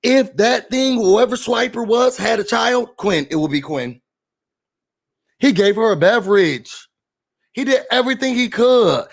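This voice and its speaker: A man's voice: high-pitched, gravelly. Sassy man recapping reality TV. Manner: sassy, animated, quotes people in mocking voices. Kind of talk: casual reality show recap.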